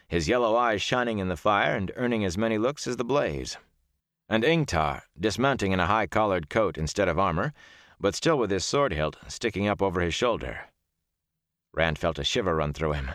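A man narrating a fantasy audiobook in steady, descriptive storytelling. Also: on the low side, dry recording, clean studio sound. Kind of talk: scripted narration.

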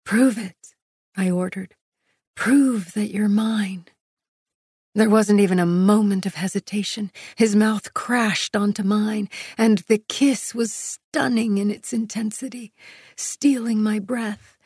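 A woman narrating a first-person romance audiobook in a soft, breathy, intimate way, close to the mic. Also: medium pitch, flat delivery, a little slow, no room sound.

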